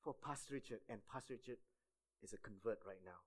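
A church staff member with a fairly quick, somewhat low voice preaches a sermon to fellow church volunteers. He tells a story and keeps checking in with "okay?"

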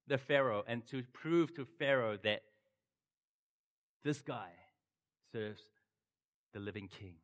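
A middle-aged man preaching a sermon and telling the story with animated swings from loud to hushed. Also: mid-range voice, in a large hall. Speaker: pastor.

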